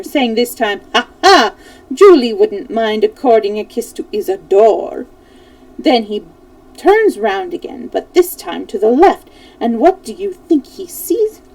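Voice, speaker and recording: A woman reading a classic novel aloud as a storyteller on a live stream, expressive, stumbling now and then over names. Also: fairly high pitch, recorded from a distance, poor audio.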